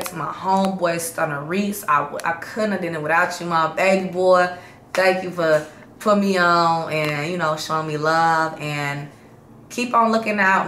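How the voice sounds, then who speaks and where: Her voice is low-pitched with a fairly bright tone as this vlogger from Chicago talks casually to her audience. The update is full of slang and builds excitement, recorded with roomy echo and faint background hum.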